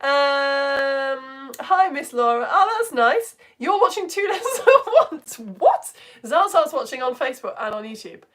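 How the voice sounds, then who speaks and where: A woman from the UK greeting young viewers by name during a live-streamed lesson, swinging between excited hellos and quiet asides. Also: high-pitched, measured pace.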